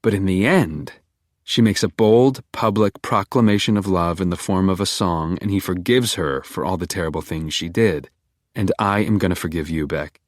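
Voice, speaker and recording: A man narrating a first-person psychological thriller audiobook in a calm, controlled, menacing manner. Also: deep voice, normal speed, dry recording, clean studio sound.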